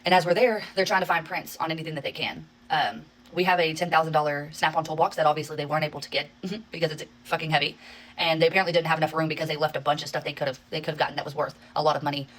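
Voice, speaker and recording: Fast-talking woman, exasperated storytime. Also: deep voice, steady tone, rough recording. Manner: rapid, profanity-laced, exasperated retelling. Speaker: social media creator. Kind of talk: casual storytime vlog.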